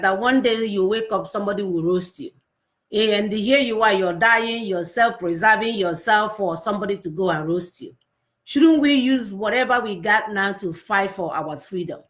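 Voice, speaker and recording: A woman hosts a talk show in an earnest, reflective voice. She poses questions to her listeners at a middle pitch, steady and unhurried. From Biafra region, southeastern Nigeria. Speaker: host.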